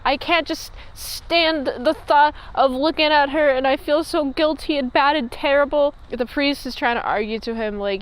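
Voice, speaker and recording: High-voiced woman rambling through a recap. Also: normal speed, few pauses, rough recording. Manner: rambling, filler-heavy chat. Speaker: show reviewer. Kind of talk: casual episode recap.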